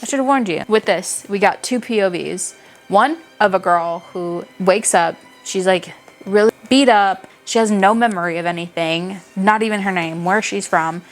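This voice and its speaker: A young woman reviewing books in a casual, animated chat, gushing and swearing freely. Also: mid-range voice, normal speed, soft background music. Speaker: book reviewer.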